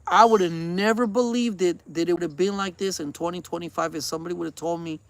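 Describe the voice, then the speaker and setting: Vlogger in his forties with a high voice, earnest and preachy, rambles and repeats himself. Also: fast, a bit bright. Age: 40s. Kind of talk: casual rambling chat.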